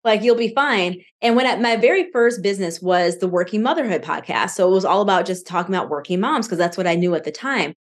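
A woman in her thirties, a podcast guest, telling lively stories and acting out the quotes she recalls. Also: lowish voice, fast talker, few pauses. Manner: animated storytelling, acts out quotes. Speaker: podcast guest, financial coach. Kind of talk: casual podcast interview.

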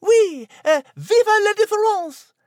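Woman doing a hammy fake French immigrant, high and playful, dry studio mic. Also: animated, unhurried, darkish tone, no room sound. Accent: put-on French. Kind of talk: comedic podcast banter.

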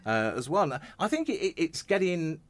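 A man's voice: on the high side, sing-song, normal speed. Chatty guy hosting a radio show, voice bouncing up and down a lot, jokey. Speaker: radio host. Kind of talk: casual radio interview. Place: radio studio.

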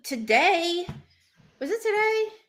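A woman's voice: extremely high pitch, slow. A woman from Texas with a Southern accent, co-hosting a casual chat and acting out people's lines as she gossips. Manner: animated gossip, acts out quotes in funny voices. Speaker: podcast co-host.

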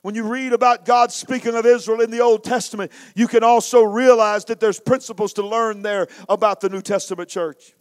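High-voiced dramatic male preacher. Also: steady tone, a little fast. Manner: dramatic, emphatic delivery. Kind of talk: storytelling sermon.

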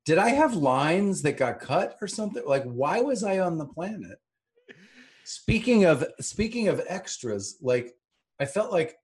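A man's voice: fairly high pitch, very animated, measured pace. A middle-aged man co-hosting a casual rewatch podcast, wry and teasing as he recalls working on the show. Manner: wry, teasing, drops into playful mock voices. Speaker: podcast co-host and former series actor.

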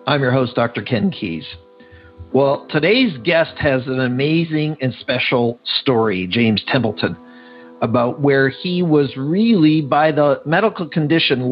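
A man's voice: medium pitch, animated, a little slow. Earnest man hosting a podcast. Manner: earnest, loose phrasing with self-corrections. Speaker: podcast host. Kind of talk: show intro and product pitch. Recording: dull lo-fi sound with faint music.

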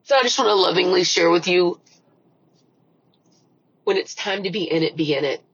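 A woman's voice: on the low side, animated, normal speed, breathy edge, no echo, muffled recording. A middle-aged woman hosting a faith podcast, talking earnestly through tears and praying aloud. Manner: earnest, emotional, repeats phrases. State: tearful, crying. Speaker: podcast host. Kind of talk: personal faith podcast talk and prayer.

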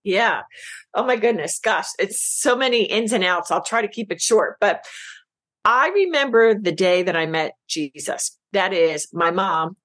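A middle-aged woman, a business coach, telling her story as a podcast guest, emotional and animated, acting out quoted lines. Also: mid-range voice, unhurried. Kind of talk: casual interview chat.

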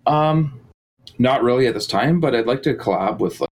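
A man's voice: medium pitch, animated, moderate pace, poor audio. A man talking casually as a musician guest in an interview, rambling with many fillers and restarts. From Canada.

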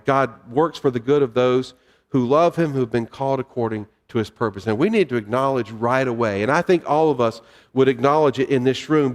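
Man preaching in an echoing hall. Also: mid-range voice. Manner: measured preaching with deliberate pauses and repetition. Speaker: pastor. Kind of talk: sermon. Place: church sanctuary. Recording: long reverb of a hall.

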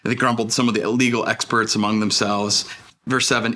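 A male pastor preaching a sermon in a conversational, storytelling way, with lively asides to the congregation. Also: on the low side, brisk.

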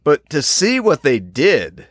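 A man co-hosting a podcast, rambling in an easygoing way with halting restarts. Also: fairly high pitch, huge pitch swings, breathy edge, no echo, studio quality. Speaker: podcast co-host. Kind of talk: casual podcast chat.

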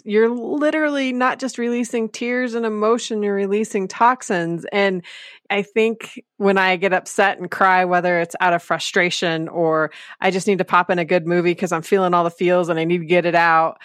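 A woman's voice: medium pitch, steady tone, moderate pace, fairly bright tone, no room sound, clean studio sound. A woman hosting a podcast interview, candid and chatty as she shares her own experience. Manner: candid and chatty, openly sharing personal experience. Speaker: podcast host.

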